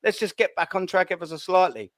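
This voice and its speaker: A man's voice: high voice, lively intonation, fairly quick, dry recording. A man hosting a live fan chat, joking, laughing and swearing a lot. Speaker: live stream host.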